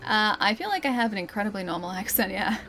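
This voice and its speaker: A young Australian woman giving casual gameplay commentary as a streamer, chatty, self-deprecating and quick to laugh. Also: mid-range voice, expressive, bright, forceful tone, slight background noise.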